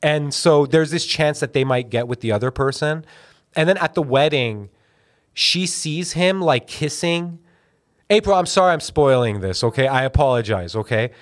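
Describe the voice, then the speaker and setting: Animated man rambling through a story. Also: on the high side, normal speed. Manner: rambling, animated storytelling with silly put-on voices. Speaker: podcast host. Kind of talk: casual comedic podcast chat.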